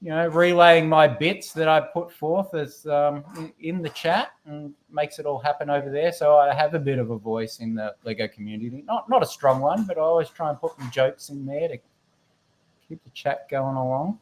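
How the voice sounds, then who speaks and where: A man's voice: a little high, moderate pace. A man chatting casually on a live stream, rambling and joking about himself while reading chat messages aloud. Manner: rambling, self-deprecating, reads chat aloud. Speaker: guest co-host of a live stream. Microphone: computer microphone.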